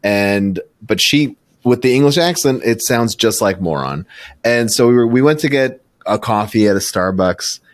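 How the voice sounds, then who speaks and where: A man's voice: mid-range voice, moderate pace, few pauses, dry recording. A man in his thirties hosting a casual interview, telling stories with lots of laughter. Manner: animated storyteller, laughs often, acts out quoted voices. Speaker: podcast host.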